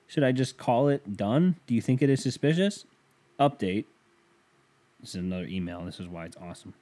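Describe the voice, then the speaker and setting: A man's voice: mid-range voice, dark tone. A man hosting a casual solo podcast, rambling and swearing freely while reading listener emails, from the United States. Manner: profane, rambling, sarcastic. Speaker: podcast host.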